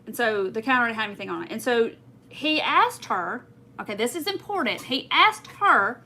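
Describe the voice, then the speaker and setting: A woman's voice: fairly high pitch, expressive, moderate pace, sharp tone. A woman chatting on a crafting livestream, rambling through a story and talking straight to her viewers while she works. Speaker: crafting channel host.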